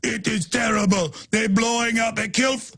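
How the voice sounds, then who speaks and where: A man voicing a melodramatic male foreign activist, pleading and shouting in a put-on Arabic accent. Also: high voice, steady tone, normal speed, gravelly, breathy edge, faint music behind, pitched above the performer's own voice, heavily acted.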